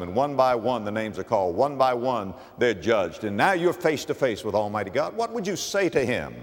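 Older male preacher, dramatic pulpit delivery, wide lively pitch swings, recorded with long church-hall reverb. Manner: dramatic preaching, rising to emphatic peaks and dropping low. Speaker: pastor. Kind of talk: sermon.

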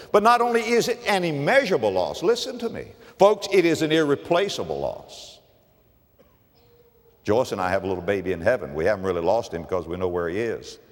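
An older man, a pastor, preaching a sermon with dramatic swings from emphatic peaks to low, quiet lines. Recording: long hall reverb.

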